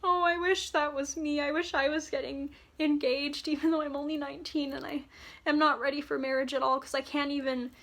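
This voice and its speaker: A whiny, self-pitying teenage girl, put on by a woman in a mocking singsong. The voice sits high and bright, and every sentence sighs with exaggerated self-blame. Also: little pitch movement, brisk. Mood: wistful whine.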